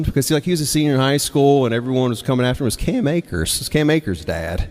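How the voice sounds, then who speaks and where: A young man from Mississippi tells a story in his Southern accent at a live storytelling night. He talks casually and laughs between lines. His mid-pitched voice carries a long reverb from the hall. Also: expressive, rapid-fire, few pauses, darkish tone. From Mississippi, United States.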